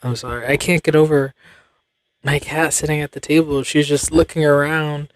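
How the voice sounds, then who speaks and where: A woman's voice: sits low, fairly even intonation, normal speed, no echo, studio quality. A young adult woman hosting a podcast, rambling in casual chat with slang and frequent laughs. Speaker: podcast host.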